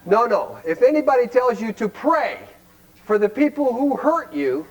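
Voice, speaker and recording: High-voiced folksy man. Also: big pitch swings, moderate pace, low-quality recording. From Cleveland, Ohio, United States. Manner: folksy, blunt, quizzes the audience with rhetorical questions. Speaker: recovery workshop speaker. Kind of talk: folksy recovery workshop talk to a live audience.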